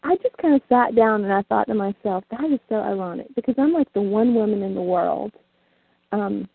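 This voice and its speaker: A woman with a gravelly, husky voice tells bawdy stories candidly and laughs often. She comes through a tinny, dry phone line. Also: mid-range voice, fairly quick, dry recording. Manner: frank, bawdy storytelling with frequent laughter. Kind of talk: casual chat. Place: small southern town.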